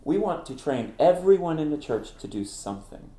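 A middle-aged man, a ministry founder and former campus minister, telling stories in an interview in an animated way, laughing at himself. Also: a little high, moderate pace, reverberant. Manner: animated, acts out quoted voices, laughs at himself. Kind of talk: conversational interview storytelling.

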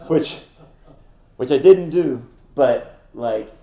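A middle-aged man, a ministry founder and former campus minister, telling stories in an interview in an animated way, laughing at himself. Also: a little high, drawn-out words, creaky, echoey room. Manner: animated, acts out quoted voices, laughs at himself. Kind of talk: conversational interview storytelling.

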